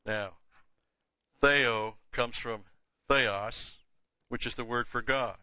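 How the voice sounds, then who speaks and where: A man's voice: medium pitch, slow, bright, forceful tone, dry recording. An older man giving a Bible teaching lecture, emphatic, repeating key words and dropping casual asides. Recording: dull lo-fi dry recording.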